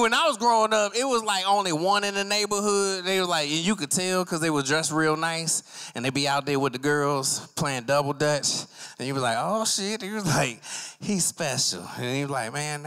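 Male stand-up at an open mic, mid voice, loose profane storyteller who leaps high to play other people in his stories. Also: fairly bright tone, smooth. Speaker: stand-up comic. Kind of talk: stand-up comedy set. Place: comedy night stage at an arts center.

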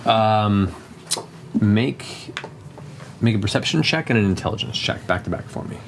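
A man running a tabletop game who describes scenes at length and calls for dice rolls. His voice sits fairly low, and he talks in loose, searching phrases. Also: animated, moderate pace, creaky, a little hiss or hum. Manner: descriptive, with many fillers and restarts. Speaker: game master.

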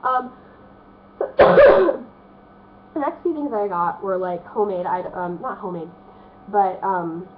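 A woman's voice: mid-range voice, lively intonation, slow pace, pauses often. A woman in her thirties talks about her new books in a rambling, chatty way, full of fillers. She sounds congested, as if she has a stuffy nose. The audio is thin and phone-like, with a faint hiss behind her. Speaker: vlogger showing a book haul. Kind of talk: casual chat.

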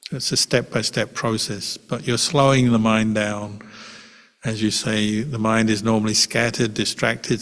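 Calm monk teaching in a reverberant hall. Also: male voice, fairly low pitch. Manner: calm, unhurried, reassuring, with pauses. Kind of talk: answering questions in a dharma talk.

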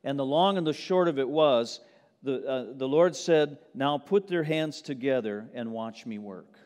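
A male pastor preaching a sermon, telling a story in a hush and then building to loud preaching. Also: mid-range voice, animated, a little slow. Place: church sanctuary. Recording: long hall reverb.

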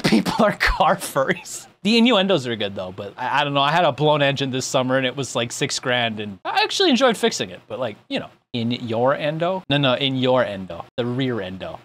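A man's voice: a little high, slight background noise. A young man streaming and chatting casually while reacting to videos, with crude, rambling jokes. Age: young adult.

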